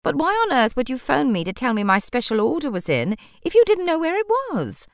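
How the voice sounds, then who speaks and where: Woman voicing an overbearing, shrill customer. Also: huge pitch swings, a little fast, no echo, studio quality. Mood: impatient. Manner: shrill, impatient.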